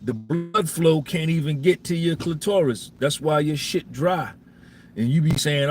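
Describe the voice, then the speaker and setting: A man's voice: on the high side, unhurried, darkish tone, slight background noise. A man hosting a live podcast, giving a blunt, profane monologue and repeating his points for emphasis. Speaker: podcast host.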